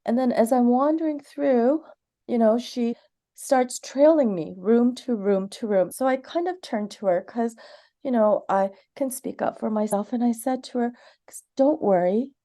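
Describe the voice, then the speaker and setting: A woman's voice: fairly high pitch, moderate pace, warm tone. A woman in her forties, who grew up in Canada, gives earnest, candid personal testimony during public comment. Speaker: community member giving public comment.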